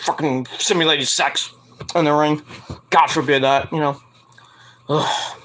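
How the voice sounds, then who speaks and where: A man's voice: fairly high pitch, fairly even intonation, a little slow, fairly bright tone. A man hosting a casual wrestling news show, rambling and profane, laughing at his own jokes. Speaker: podcast host.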